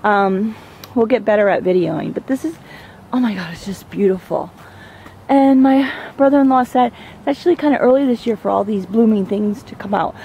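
Walking up a neighborhood trail outdoors, a woman talks casually to her handheld camera in a mellow, medium-pitched voice at normal speed. She's a chatty, rambling vlogger, a bit out of breath and easily awed by the views. The camera is at times turned away, and a little hiss or hum can be heard.

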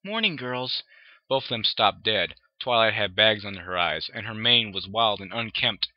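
A man's voice: on the low side, steady tone, moderate pace, dry recording, lo-fi sound. A man with a sore throat talking casually and reading fan fiction aloud, a bit hesitant. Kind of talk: casual vlog intro and story reading.

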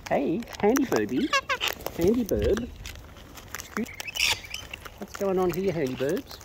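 A man talking to birds in a playful, coaxing way, his pitch leaping up and down wildly. He speaks slowly and leisurely. The recording carries loud outdoor noise, with birds and rustling behind him. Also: big pitch swings. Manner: playful, coaxing sing-song chatter to birds. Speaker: bird-feeding vlogger. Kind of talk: casual talk to birds while filming. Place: outdoors in a yard, feeding wild birds.

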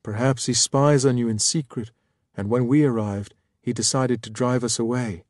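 Giant woman bodyguard, blunt and booming, voiced by a man, dry close recording. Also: steady tone, normal speed, a little mellow, no echo, lightly acted. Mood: urgent. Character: giant young female bodyguard, blunt, jealous.

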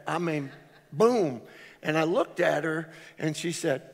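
A man pastor preaching a storytelling sermon, his voice swinging loud on exclamations. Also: a little high, animated, takes it slowly, creaky, husky. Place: large church hall. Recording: reverberant church hall.

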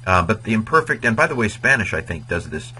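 A man's voice: fairly low pitch, sing-song, quick pace, sharp tone, slight background noise, rough recording. A man teaching Latin grammar in an informal video lecture, chatty and digressive, sometimes chanting verb endings in a sing-song rhythm. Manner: chatty and digressive, with many fillers.

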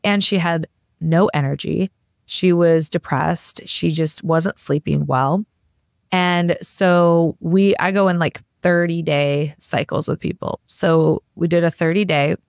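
Low-voiced chatty woman, dry sound. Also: steady tone, slow, vocal fry, darkish tone, dry recording. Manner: chatty storyteller, many "like" fillers. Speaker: naturopathic practitioner guest. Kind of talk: casual interview chat.

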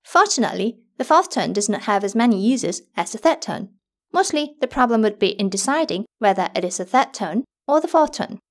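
A woman teaching a Mandarin lesson in clear, careful scripted narration, slowing down on the example words. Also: on the high side, very animated.

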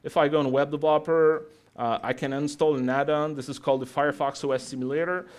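A man presenting a live software demo to an audience, chatty and joking with the crowd between steps. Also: a little high, steady tone, fast. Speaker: tech conference speaker. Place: talk in front of an audience.

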